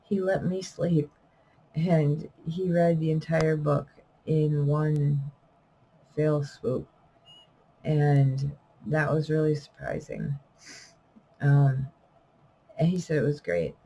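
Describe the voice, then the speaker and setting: Slow, gravelly middle-aged woman, rambling. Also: deep voice, mellow, highs cut off, a little hiss or hum. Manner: rambling, trailing off with fillers and self-corrections. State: wheezing, coughing. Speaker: vlogger and self-published poet. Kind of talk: unedited casual talk to camera.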